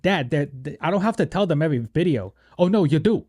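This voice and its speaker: Guy doing a loud brash mobster dad, pushy, swears a lot, kinda exasperated. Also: a little high, expressive, fast talker, no room sound, studio quality.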